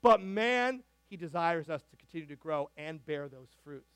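A man preaching a sermon as a pastor, animated and conversational, with frequent asides and restarts. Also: a little high, normal speed, clean tone, no echo. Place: church sanctuary.

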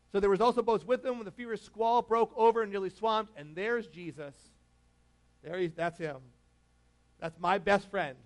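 Guy preaching real casual, high voice, laughs a lot and keeps asking the crowd stuff. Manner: chatty, frequent laughter, questions to the congregation. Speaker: pastor. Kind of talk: casual conversational sermon.

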